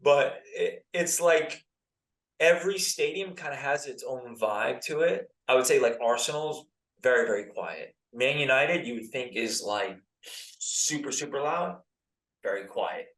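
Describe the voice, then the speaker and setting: An American man in his thirties, a former pro soccer player telling stories as a podcast guest in a relaxed, chatty way full of filler words. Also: medium pitch, measured pace, distant mic. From United States. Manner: laid-back, lots of "like" and "dude". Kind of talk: casual podcast storytelling. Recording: roomy, set back from the mic.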